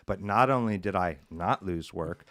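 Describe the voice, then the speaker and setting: A man's voice: low-pitched, moderate pace, fairly bright tone, dry recording, clean studio sound. A man co-hosting a podcast, talking loosely and frankly, often repeating words as he searches for them. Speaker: podcast co-host. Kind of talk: casual podcast chat.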